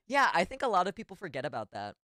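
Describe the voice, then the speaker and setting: Smooth-voiced rambling streamer guy. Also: high-pitched, pushed and bright, no echo. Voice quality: rambling, giggly, self-deprecating. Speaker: VTuber streamer. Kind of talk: casual stream chat.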